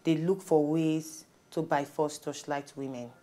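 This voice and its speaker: A woman's voice: sits low, measured pace. Woman talk show host with a Nigerian accent. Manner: animated, laughs often, reads out stories. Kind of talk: casual studio chat in pidgin.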